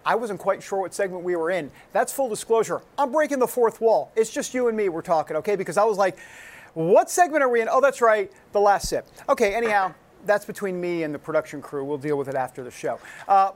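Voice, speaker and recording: A man's voice: high-pitched, lively intonation, brisk, slight background noise. A man hosting a talk show, joking and chatting in asides to his crew. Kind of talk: casual talk show chat.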